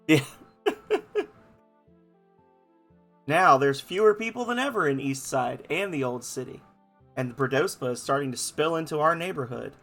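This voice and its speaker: A man's voice: mid-range voice, a bit bright. A man hosting a game playthrough, reading every character's lines aloud in playful voices and joking about his own reading. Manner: reads lines in varied playful voices, self-mocking asides. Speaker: gameplay host reading game dialogue aloud.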